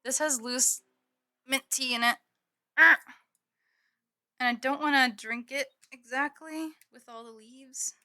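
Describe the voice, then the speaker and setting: A woman's voice: sits high, steady tone, a little slow, long pauses, pushed and bright. A woman chatting casually on a live stream from her room at home, giggling and swearing now and then while she snacks. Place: home room with green screen.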